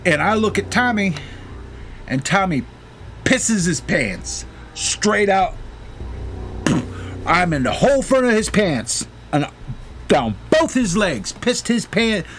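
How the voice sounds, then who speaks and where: A man's voice: sits high, unhurried, music in the background. Profane middle-aged man telling a wild story. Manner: profane, animated storytelling, shouts quoted lines. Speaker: gaming streamer. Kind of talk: casual storytelling while playing.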